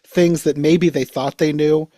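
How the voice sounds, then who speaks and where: Laid-back man, slightly high voice. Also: a little slow. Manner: relaxed, hedging, frequent "like". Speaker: podcast host. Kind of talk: casual podcast chat.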